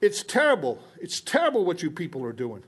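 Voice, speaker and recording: A man's voice: high-pitched, huge pitch swings, fairly quick, a bit bright, husky. Angry breathless man giving public comment. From Newberry Springs, California.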